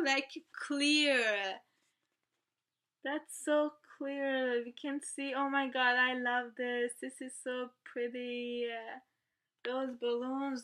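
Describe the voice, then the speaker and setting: Excitable high-voiced woman vlogger. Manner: excitable, gasping and gushing. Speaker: vlogger unboxing an album. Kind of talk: casual unboxing chat.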